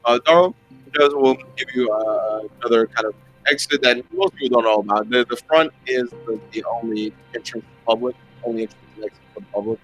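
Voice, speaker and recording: A man's voice: medium pitch, a little fast, a bit bright, soft background music. A man narrating a tabletop game as dungeon master, rambling and hesitant with lots of fillers.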